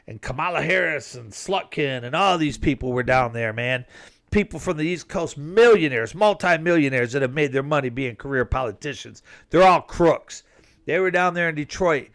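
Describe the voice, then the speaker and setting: A man with a somewhat high speaking voice delivers an indignant, heated opinion monologue. His talk is loose and conversational, peppered with "man" and "you know". He sounds fired up throughout. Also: animated, normal speed, a bit bright. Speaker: commentator.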